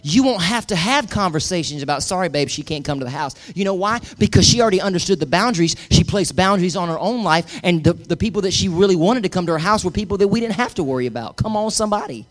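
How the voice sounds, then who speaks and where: A middle-aged man preaching with a notably high voice. He drives his points hard and keeps calling on the congregation to say the words back to him. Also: lively intonation, quick pace, few pauses. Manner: emphatic, calls for congregation responses. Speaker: pastor. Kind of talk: sermon.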